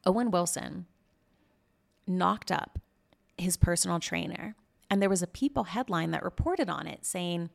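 A woman's voice: fairly low pitch, measured pace, gravelly, long pauses. A woman hosting a podcast in casual, indignant and sarcastic commentary, swearing freely. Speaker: podcast host.

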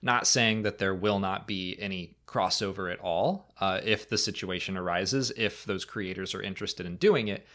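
Lively man chatting on a fan podcast. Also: deep voice, normal speed, few pauses. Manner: animated, jumps into funny impressions. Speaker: podcast co-host. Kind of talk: casual fan podcast chat.

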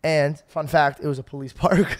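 A young man co-hosting a podcast, telling a story in a rambling, animated way and laughing often. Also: fairly high pitch, normal speed. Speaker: podcast co-host. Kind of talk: casual chat, storytelling.

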